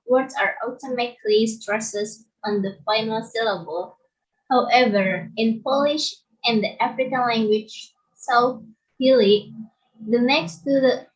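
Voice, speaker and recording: Indonesian student girl reading her class presentation, slow, careful, kinda stumbly. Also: fairly high pitch, rough recording.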